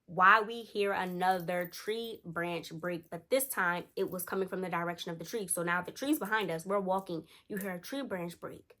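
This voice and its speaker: A young woman vlogger telling a spooky storytime to her viewers in a casual, slangy, animated way. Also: on the low side, moderate pace, hardly any pauses. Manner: animated, slangy, addresses listeners as y'all.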